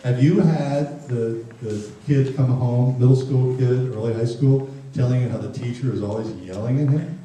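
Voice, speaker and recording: A man's voice: mid-range voice, dark tone, a little hiss or hum. Man lecturing parents in an echoey hall. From Ireland. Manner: jokey, acts out parents and teens in quick voices. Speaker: speaker giving a parenting talk. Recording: far, echoey hall recording.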